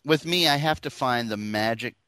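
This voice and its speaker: A man's voice: mid-range voice, normal speed, loud music behind the voice. A man in casual podcast banter, crude and joking, laughing often.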